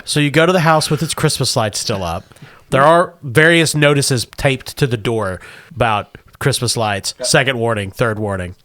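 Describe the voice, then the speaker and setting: A man's voice: medium pitch, normal speed, no room sound. Wry man running a tabletop game. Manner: wry, deadpan scene-setting. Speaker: game master.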